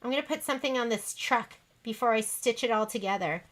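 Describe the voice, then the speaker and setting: A woman's voice: fairly high pitch, fairly quick, a bit bright. A woman hosting a sewing livestream, chatting casually and rambling to her viewers as she works. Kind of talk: casual chat while sewing.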